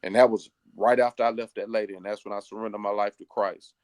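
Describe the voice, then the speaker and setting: A middle-aged man, a pastor, telling a personal story in an interview, earnest and slowing down at the key moments. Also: lowish voice, steady tone, a little mellow, no room sound, studio quality.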